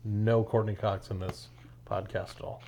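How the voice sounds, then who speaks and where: A man co-hosting a podcast, trading dry deadpan jokes in casual banter. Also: lowish voice, normal speed, gravelly, a little hiss or hum. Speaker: podcast co-host.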